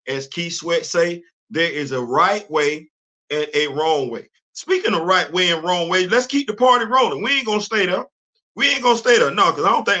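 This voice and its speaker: A man's voice: sits high, bright, forceful tone. A man hosting his own show, ranting in casual, emphatic, slangy commentary. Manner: emphatic, exasperated, loose slangy talk. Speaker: podcast host.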